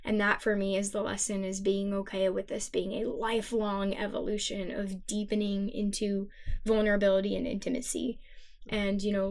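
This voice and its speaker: A woman in her thirties co-hosting a spiritual podcast, speaking in an earnest, emotional and reflective way. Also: medium pitch. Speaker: podcast co-host. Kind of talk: heartfelt spiritual podcast talk.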